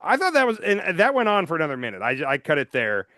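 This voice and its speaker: A man with a fairly high voice hosts a casual political chat. He talks bluntly, full of opinions and quick asides. The sound is close and dry. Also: huge pitch swings, sharp tone, no room sound. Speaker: podcast host.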